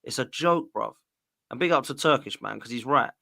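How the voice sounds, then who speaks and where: A man's voice: medium pitch, normal speed, gravelly, pushed and bright. A man in a casual football chat, ranting with exasperation and slang. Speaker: guest co-host.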